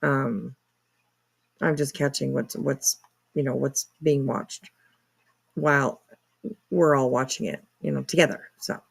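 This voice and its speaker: Gravelly-voiced woman hosting a livestream. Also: very deep voice, fairly even intonation, unhurried, long pauses. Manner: chatty, apologetic, reacting to chat comments; swears casually. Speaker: livestream host. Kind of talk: casual livestream chat.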